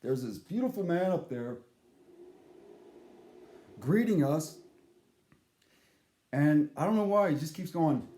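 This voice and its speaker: A man telling a story in a casual monologue, animated and profane, acting out the voices he quotes. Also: fairly high pitch, slow, pauses often, roomy sound.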